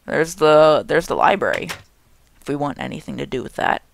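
A young man narrates his gameplay in an excitable, joking way, chatting to the monsters on screen as he goes. His voice has a gravelly, fry-heavy edge, and his pitch swings widely up and down. The delivery is loose, playful let's play commentary. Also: moderate pace, a little hiss or hum. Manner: excitable, jokey, talks to game monsters. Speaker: gaming channel host.

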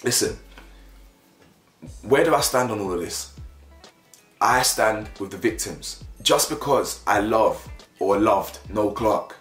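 A young man giving a heated opinion commentary for his vlog, emphatic and animated, repeating phrases to drive his point home. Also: on the low side, slow pace, pauses often. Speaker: YouTube commentator. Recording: echoey room with faint music bed.

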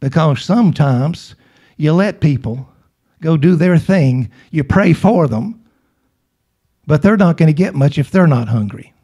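A man's voice: on the high side, expressive, unhurried, dark tone, breathy edge. Emphatic man preaching a sermon. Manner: emphatic, repeats and asks the congregation questions.

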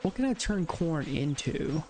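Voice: medium pitch, very animated, unhurried, a little mellow, a little hiss or hum. A gaming streamer giving live-stream commentary, muttering to themselves, counting aloud and swearing when things go wrong. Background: game music.

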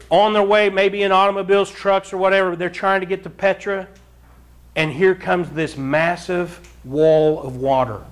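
A man preaching a verse-by-verse Bible sermon, urging his listeners to read along and telling animated stories with frequent chuckles. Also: on the high side. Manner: animated storyteller, acts out scenes and chuckles often; addresses the congregation directly, urging them to read along. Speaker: pastor.

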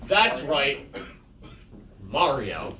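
A man's voice: mid-range voice, huge pitch swings, drawn-out words. A young man hosting a convention panel as a joking mock professor, teasing the audience and laughing often. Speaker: panel presenter. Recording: echoey room, far mic, crowd noise.

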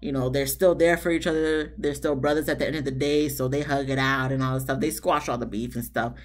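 A woman's voice: rumbling low, steady tone, a little fast. A woman giving a casual, sarcastic review of a TV episode, talking straight to her viewers and laughing between remarks. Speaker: TV show reviewer. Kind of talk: casual commentary vlog.

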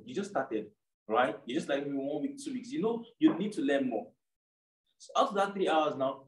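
A man's voice: a little high, echoey room, recorded from a distance, poor audio. A man teaching an online trading boot camp in a casual lecture style, often checking in with "do you understand?". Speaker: trading course educator. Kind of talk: live online lesson.

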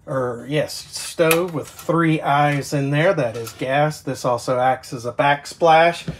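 A man's voice: fairly high pitch, background noise. A man giving an enthusiastic walkthrough tour of a travel trailer as a salesman, eagerly pointing out each feature. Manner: excited, keeps pointing things out "right there".

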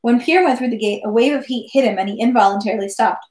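A woman reading a classic novel aloud in measured, steady narration. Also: on the high side. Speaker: reader. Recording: echoey room.

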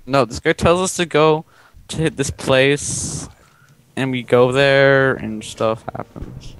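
A man's voice: medium pitch, steady tone, takes it slowly, clear, resonant tone, rough recording. A young man with a mid-range voice, bantering through a game session with a friend. He teases and jokes in an easy, casual way. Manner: teasing, playful banter. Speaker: gaming partner. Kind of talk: casual gaming commentary.

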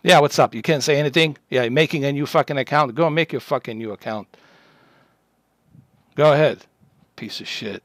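A man's voice: mid-range voice, moderate pace, long pauses, no echo. A man from Bosnia, a livestreamer, delivering an aggressive, profane rant at a chat troll.

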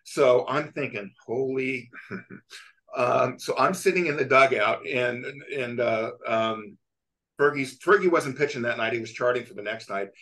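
A man's voice: mid-range voice, moderate pace. A middle-aged man from California, a sports photographer, telling long anecdotes in a casual chat with frequent restarts. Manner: rambling, animated storyteller with many restarts.

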